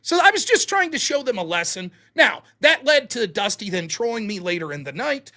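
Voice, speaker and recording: High, bright-voiced blunt man. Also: a little fast. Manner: blunt, profane, animated storytelling. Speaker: guest streamer and debater. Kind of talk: casual podcast conversation.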